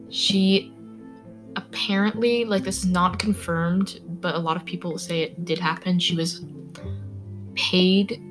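Young woman rambling through a crime story. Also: lowish voice. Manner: rambling, filler-heavy, stumbles over names. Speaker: podcast host. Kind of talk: casual true-crime chat.

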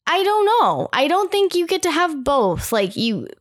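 A woman co-hosting a podcast in casual, excitable chat, full of "like"s. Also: sits high, measured pace, dry recording, clean studio sound. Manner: chatty and excitable, many "like"s. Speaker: podcast co-host.

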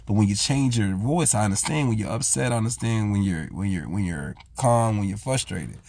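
On his vlog, a man with a low, gravelly, slightly mellow voice talks a little fast, with no room sound. Earnest and casual, he reflects on raising his son, repeatedly saying "I said" as he recounts talks.

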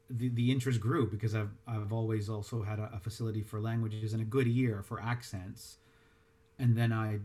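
A man who is a voice actor and dialect coach, answering interview questions in a reflective, halting way with many restarts. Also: fairly low pitch, a little mellow.

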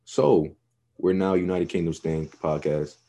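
A young man with an extremely deep, dark and mellow voice, co-hosting a sports podcast. He talks in a loose, rambling way and swears freely. His tone stays laid-back and casual. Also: fairly even intonation, measured pace. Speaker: podcast co-host.

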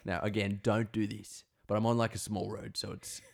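Young man, podcast co-host, fry in the voice, mock-suspenseful, joking narrator. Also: lowish voice, little pitch movement, normal speed. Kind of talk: casual chat, storytelling.

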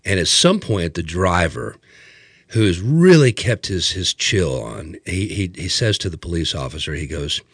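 A man's voice: sits low, slightly rough, no echo, clean studio sound. An older man telling a funny story, drawing out words and acting out the scenes. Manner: drawn-out, lively, acted-out delivery. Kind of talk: comic storytelling.

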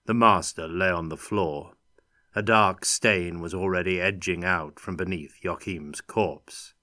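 A male audiobook narrator reading in a steady, dramatic storytelling manner. He takes his time, with a lowish but bright voice, recorded close and dry. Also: measured pace, no echo. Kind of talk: scripted narration.

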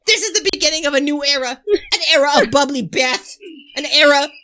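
A young woman co-hosting a casual podcast chat, loud and rambling, breaking into laughter and silly voices. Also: sits high, a little fast. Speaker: podcast co-host.

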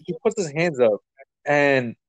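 A man's voice: fairly high pitch, a little slow, no echo. A man telling a personal story in casual chat, acting out the voices of the people in it. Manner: animated, acts out quoted dialogue. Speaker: guest telling a life story.

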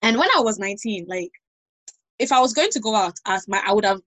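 A woman's voice: medium pitch, animated, fast talker, a bit bright, no room sound. A young woman in casual chat with friends, talking in a chatty way with many restarts and fillers. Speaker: panel guest.

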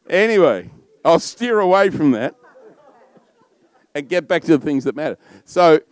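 Loud Australian pastor, dry sound. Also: male voice, fairly high pitch, dry recording. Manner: loud, warm storytelling with frequent laughs. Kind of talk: sermon.

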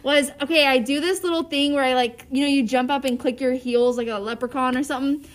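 A woman's voice: high voice, quick pace. A woman teacher chatting casually on a class podcast, telling funny stories with lots of giggles. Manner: giggly, animated storyteller. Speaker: middle school teacher. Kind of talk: casual podcast chat with students.

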